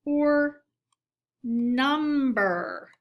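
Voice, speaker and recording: A woman teacher giving a recorded phonics lesson for children, reading words aloud slowly and deliberately for them to repeat. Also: high voice.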